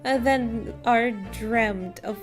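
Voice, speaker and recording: A woman voicing a theatrical man who declaims slowly and grandly as she reads game dialogue. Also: a little high, over music. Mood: declaiming. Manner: slow, declaiming.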